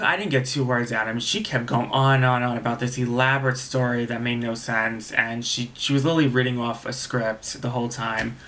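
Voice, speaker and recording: A man's voice: medium pitch, pushed and bright. A young man telling a casual storytime vlog, rambling and exasperated, with many restarts and asides. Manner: exasperated, venting. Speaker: vlogger.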